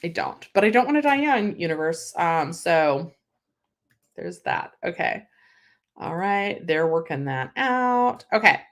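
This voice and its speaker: Chatty young woman, slightly low voice. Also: big pitch swings, a little slow. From California. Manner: chatty, emotional, many "like" and "um" fillers. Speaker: livestream host answering viewer comments. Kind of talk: casual livestream chat.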